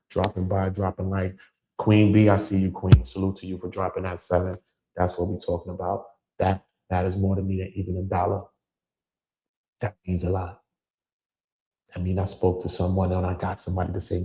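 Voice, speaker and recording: A man's voice: low voice, mellow. A man hosting his own channel, talking casually but preachily to his viewers, often calling them bro and man. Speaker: channel host. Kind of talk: casual livestream talk.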